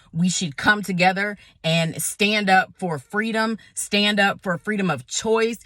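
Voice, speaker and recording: A woman's voice: fairly low pitch, pushed and bright, no room sound, clean studio sound. A woman nurse giving a frustrated, emphatic vlog rant, repeating points for emphasis. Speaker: nurse vlogger.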